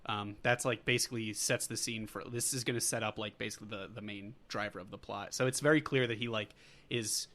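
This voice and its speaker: A man's voice: fairly low pitch, steady tone, a little fast, sharp tone. A young man co-hosting a podcast, chatting casually about a movie in an easygoing way, with fillers and false starts. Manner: easygoing, hesitant, with fillers and restarts. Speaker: podcast co-host.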